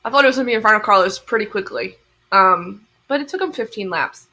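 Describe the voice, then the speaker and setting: Young woman cohost, bright voice, chatty storyteller, laughs a lot. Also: mid-range voice, quick pace. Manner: animated storytelling with frequent laughs. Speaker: podcast co-host. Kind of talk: casual chat.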